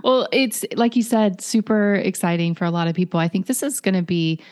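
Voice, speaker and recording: A middle-aged woman from North Carolina, chatting as a podcast guest with lots of "like" and "you know" and soft laughs. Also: medium pitch, fairly quick. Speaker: podcast guest, brand story consultant. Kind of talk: casual conversational interview.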